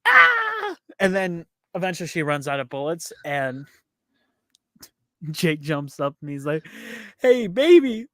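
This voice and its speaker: Slow, easygoing podcast co-host. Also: medium pitch, fairly even intonation, no echo, studio quality. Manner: retells scenes with quick acted quotes, laughs often. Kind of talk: casual movie recap chat.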